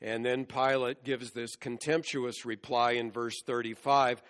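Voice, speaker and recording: Male pastor, mid-pitched, unhurried, teaching sermon with long church reverb. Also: steady tone, a bit bright, clear, resonant tone. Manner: measured, explains scripture verse by verse. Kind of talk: expository sermon.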